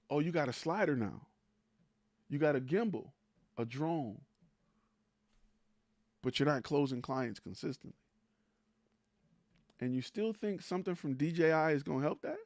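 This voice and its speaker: A man's voice: medium pitch, a little mellow, dry recording. A man hosting a live stream, giving blunt, teasing business advice to creators with rhetorical questions. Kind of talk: blunt motivational talk.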